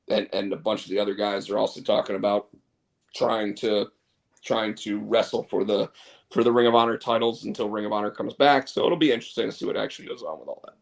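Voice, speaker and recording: A man co-hosts a loose wrestling chat, his voice at an ordinary middle pitch. He rambles and restarts his sentences, firm in his opinions. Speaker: co-host.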